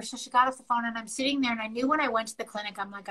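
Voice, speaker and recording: A woman's voice: on the high side, fairly even intonation, fast, few pauses, fairly bright tone, poor audio. A middle-aged woman from Canada co-hosting a podcast, telling a personal story candidly with lots of quoted dialogue. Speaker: podcast co-host. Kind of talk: casual chat.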